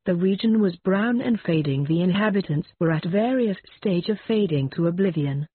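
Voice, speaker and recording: Ballad narrator, steady recital, husky voice, phone-line audio. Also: medium pitch, normal speed, no echo. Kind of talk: reading a ballad aloud. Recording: dry tinny phone-like recording.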